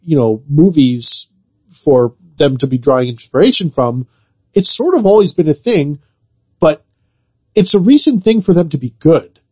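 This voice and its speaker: Husky-voiced man chatting loosely. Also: a little high, lively intonation, moderate pace, darkish tone. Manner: rambling, loose, lots of filler words. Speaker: podcast co-host. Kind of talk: casual chat about games and movies.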